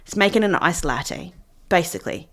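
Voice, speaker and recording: A woman co-hosting a podcast, chatting casually and acting out what people said in an animated way. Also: lowish voice, moderate pace. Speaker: podcast co-host. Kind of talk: casual chat.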